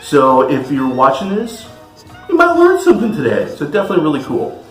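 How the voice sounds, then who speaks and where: A man's voice: on the high side, wildly swooping pitch, brisk. A man from California giving an enthusiastic, chatty tasting review as the host of his channel. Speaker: spirits reviewer. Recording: echoey room with faint music.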